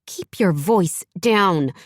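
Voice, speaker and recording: A woman's voice: lowish voice, animated, very slow, dry recording, clean studio sound. A woman voicing a protective single mother who speaks firmly and scolds. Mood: angry. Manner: firm, scolding.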